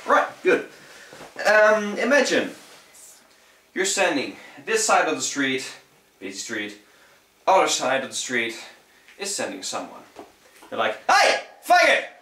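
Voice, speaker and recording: A young man with a Dutch accent talks through a casual how-to in loose, swearing, easygoing English. His voice is bright and forward, though he sits back from the mic in an echoey room. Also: medium pitch, very animated, unhurried, pauses often, recorded from a distance. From Netherlands. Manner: rambling, profane, laid-back. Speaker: vocal tutorial vlogger.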